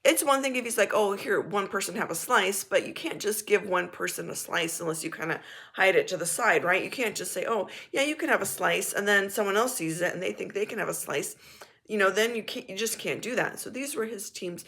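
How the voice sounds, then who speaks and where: A woman vlogger telling a casual story in a frank, animated and blunt way, now and then swearing. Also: mid-range voice, fairly quick, creaky.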